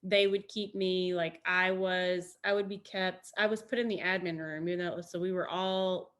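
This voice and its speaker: A woman's voice: on the low side, fairly even intonation, normal speed. A woman Army veteran, a guest, talking in a casual, rambling way with many restarts and fillers. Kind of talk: casual conversation.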